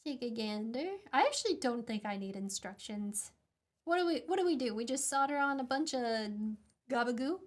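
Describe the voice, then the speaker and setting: A woman's voice: sits high, animated, moderate pace. A young woman streaming while she solders, chatting casually in a rambling, giggly, self-mocking way.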